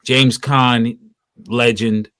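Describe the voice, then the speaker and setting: A man chatting casually as a panel guest, excitable and rambling, swearing now and then as he talks about a film he loves. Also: medium pitch, extremely slow, clear, resonant tone, no echo. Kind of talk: casual chat.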